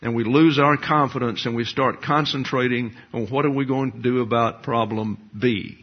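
An older man preaching a teaching sermon, measured and explanatory, with frequent rhetorical questions. His voice is husky at an average pitch. The recording sounds dull and lo-fi. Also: fairly even intonation. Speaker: pastor.

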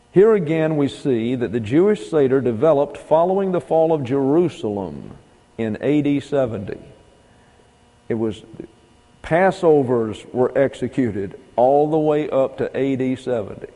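A man's voice: medium pitch, lively intonation, measured pace, mellow. A man giving a folksy, digressive Bible lecture to a class, spelling out words and numbering his points. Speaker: Bible teacher. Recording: hall with long reverb.

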